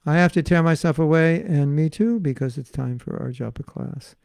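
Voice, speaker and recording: American male spiritual teacher, fairly high, gravelly voice, dry close sound; playful, acts out bits of dialogue while answering questions. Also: moderate pace, a little mellow, no echo. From United States. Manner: playful, acts out little dialogues and laughs often. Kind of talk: online class with questions and answers.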